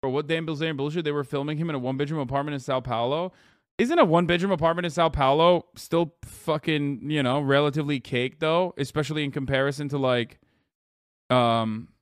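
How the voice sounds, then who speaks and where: A man's voice: mid-range voice, dry recording, clean studio sound. Blunt, profane man streaming. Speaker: livestream host. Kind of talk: live reaction commentary.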